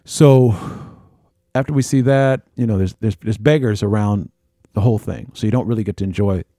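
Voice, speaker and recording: A man hosting a podcast, telling a travel story in an animated way and acting out the dialogue. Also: lowish voice, moderate pace, dry recording, clean studio sound. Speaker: podcast host. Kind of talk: storytelling monologue.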